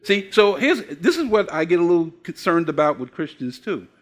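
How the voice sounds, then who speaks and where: The pastor, an older man, has a fairly high, sing-song voice and talks fairly quickly. His sermon mixes questions for the congregation with folksy stories in which he acts out the quoted voices.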